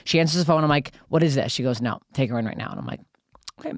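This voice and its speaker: Fast-talking, profane woman storyteller. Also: deep voice, no room sound, clean studio sound. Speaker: podcast co-host. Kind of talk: casual storytelling chat.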